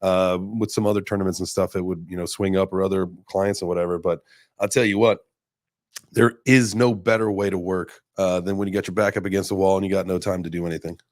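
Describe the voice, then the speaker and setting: A man's voice: deep voice, flat delivery, quick pace, dry recording, clean studio sound. A man hosting a casual group call, starting over often and swearing as he talks. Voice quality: swears, stammers into restarts.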